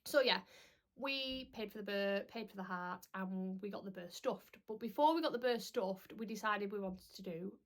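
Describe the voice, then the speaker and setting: A young woman, chatting casually to camera as a parenting vlogger, rambling with lots of "um"s. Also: medium pitch.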